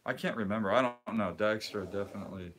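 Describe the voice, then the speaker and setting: A man's voice: lowish voice, quick pace, fairly bright tone, slight background noise. Rambling, chatty man on a live stream. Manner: rambling, chatty, trails off mid-sentence. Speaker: co-host of a live card-collecting stream. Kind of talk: casual live-stream chat.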